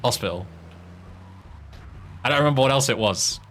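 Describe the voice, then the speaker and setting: A man's voice: mid-range voice, animated, moderate pace, a bit bright, slight background noise. A young British man with a British accent, chatting casually and swearing a lot while streaming a game and stumbling through foreign tongue twisters. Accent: British English. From Britain. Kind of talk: casual gaming stream chat.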